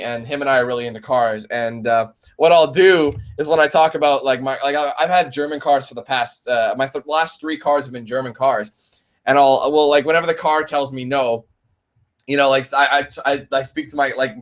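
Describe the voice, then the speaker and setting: Rambling gaming host. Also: male voice, mid-range voice. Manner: rambling, laughs often, swears casually. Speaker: let's play channel host. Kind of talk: casual live Q&A.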